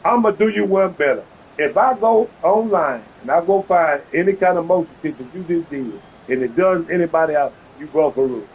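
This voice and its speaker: A man's voice: on the high side, a little fast, phone-quality sound, slight background noise. A man streaming a video game, arguing heatedly with an opponent over voice chat and repeating himself to cut in. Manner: agitated, keeps repeating "hold on".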